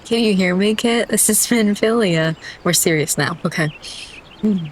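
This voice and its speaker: A woman's voice: medium pitch, normal speed, slight background noise. Giggly young woman streaming a game. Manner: giggly, easily cracks up, chatty asides. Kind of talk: casual game stream commentary.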